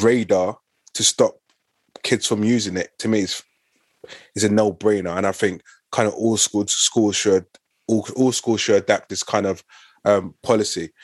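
A man's voice: lowish voice, no room sound. A man in casual podcast chat, earnest and opinionated, restarting his sentences often.

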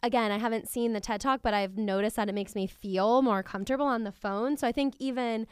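A woman hosting a casual podcast conversation, chatty and quick to laugh. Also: on the high side, fairly even intonation, smooth, no room sound, clean studio sound.

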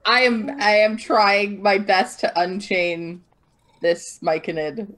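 A woman playing in a tabletop game, speaking in an unhurried, thoughtful way. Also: mid-range voice, fairly even intonation, a bit bright, slight background noise. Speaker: player. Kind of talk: casual tabletop game chat.

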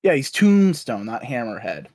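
A man casually recapping comic storylines, acting out characters in quick bits and swearing freely. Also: mid-range voice, very animated, a little mellow. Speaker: podcast co-host recapping comics. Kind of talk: casual chat.

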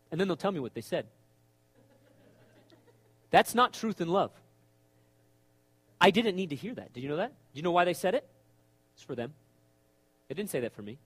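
Middle-aged male pastor, emphatic preacher, high and lively voice. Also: normal speed, pauses often, breathy edge, no echo. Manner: animated, emphatic, acts out quoted voices. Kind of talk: sermon.

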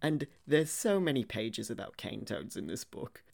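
A young man with a gravelly, creaky voice, ranting playfully in casual chat. He laughs often and swears freely. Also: mid-range voice, big pitch swings, normal speed, darkish tone. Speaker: podcast co-host. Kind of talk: casual film-review chat.

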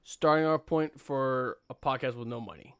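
A man's voice: medium pitch, normal speed, a bit bright, clean tone, dry recording, clean studio sound. A young man hosting a casual podcast, laid-back and self-mocking, with plenty of fillers. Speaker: podcast host.

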